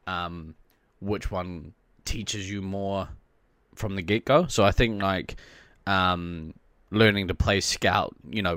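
A man co-hosting a podcast in casual chat, his voice a little rough from being sick, laughing often and rambling with many fillers. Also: low-pitched, a bit bright, dry recording. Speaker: podcast co-host.

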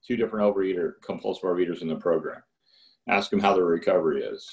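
A middle-aged man with a fairly low voice shares his own story at a recovery meeting. He talks candidly and loosely, looping back and restarting his sentences as he goes. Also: lively intonation, fast. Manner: candid and rambling, with restarts, acting out phone calls in higher voices. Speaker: speaker sharing at a recovery meeting. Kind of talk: personal testimony.

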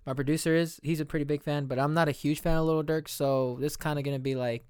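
A man's voice: a little high, fairly even intonation, fast, darkish tone, clear, resonant tone, dry recording, studio quality. A man hosting a podcast, chatting loosely as he reacts to an album, full of "like" and "you know what I'm saying". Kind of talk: casual reaction chat.

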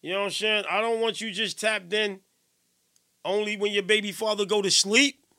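A man hosting a live radio show in casual chat, playful and teasing, giving hyped shout-outs. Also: high voice, fairly even intonation, moderate pace.

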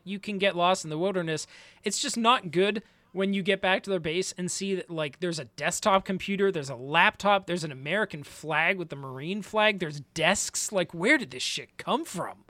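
A man with a high voice talks through an anime plot in loose, rambling casual chat, swearing freely and restarting his sentences. His voice is recorded close and dry, with no room sound around it. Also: bright, forceful tone, no echo. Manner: rambling, profane, many restarts and fillers. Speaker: podcast co-host recapping an anime.

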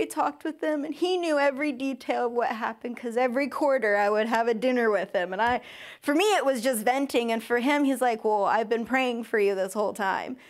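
Tearful woman giving a church testimony. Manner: emotional, near tears at times; acts out quoted voices with big pitch jumps. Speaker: speaker at a church service. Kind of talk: personal testimony to a congregation.

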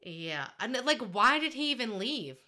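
A young adult woman, telling a story in casual podcast chat, animated and laughing. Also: a little high, unhurried. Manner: animated, laughing, acts out quotes. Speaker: podcast co-host.

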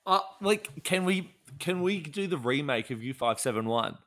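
A man's voice: fairly high pitch, animated, moderate pace, a bit bright. A man co-hosting a casual podcast, tossing in playful jokes and asides. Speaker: podcast co-host. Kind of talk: casual chat.

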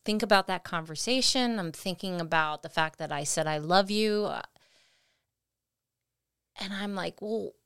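A woman co-hosting a podcast, telling a personal story in a lively way and acting out her own past words. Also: medium pitch, measured pace, pauses often, clear, resonant tone, no echo, clean studio sound. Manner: animated, acts out her own past lines. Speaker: podcast co-host. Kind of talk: storytelling conversation.

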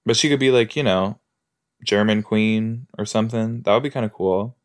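A podcast host watches an episode and reacts casually, joking around and thinking out loud with filler words. He has a lowish voice and speaks at a normal speed.

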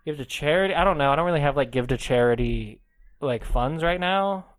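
A man's voice: on the high side, animated, brisk. A man co-hosting a casual comedy podcast, easygoing and agreeing along with his friend. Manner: laid-back, agreeable, echoes his partner. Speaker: podcast co-host.

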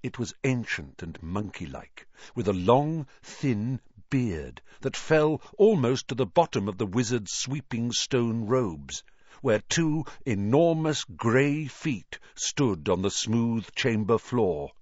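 A man's voice: medium pitch, big pitch swings, slow pace, darkish tone, dry recording, highs cut off. A man narrating a fantasy storybook expressively and dramatically. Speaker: audiobook reader.

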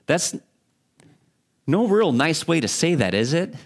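A man preaching a sermon as a pastor, talking in a conversational, halting way with frequent restarts. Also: fairly high pitch, sing-song.

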